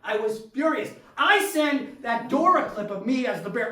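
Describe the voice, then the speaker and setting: High bright man telling stage comedy. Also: moderate pace, few pauses. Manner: animated, jumps to loud exclaimed punchlines. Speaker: solo comedy performer. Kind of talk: stand-up storytelling. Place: small comedy theater stage. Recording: roomy stage sound from far off.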